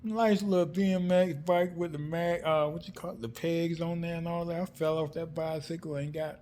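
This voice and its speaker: A middle-aged man from South Florida rambles through family stories, animated and full of slang, putting on voices for the people he quotes. His voice sits a little high for a man. A faint hiss of noise runs under the recording. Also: moderate pace. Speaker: vlogger. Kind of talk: casual storytelling monologue.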